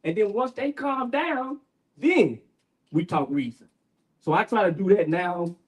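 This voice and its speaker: A man's voice: sits high, animated, a little slow, low-quality recording. An older man on a community panel, talking in a folksy, preacher-like way and often checking in with "right?". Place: bookshop event room.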